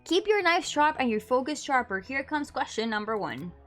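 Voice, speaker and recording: A bossy dog professor barks out class announcements in a teacherly tone, as a woman puts him on. The voice sits a little higher and louder than her normal talk, with faint game music behind. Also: big pitch swings, moderate pace. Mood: brisk.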